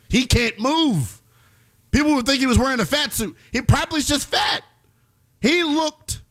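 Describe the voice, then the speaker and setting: A man hosting a basketball show, giving emphatic sports commentary that swings between loud outbursts and quick asides. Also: fairly high pitch.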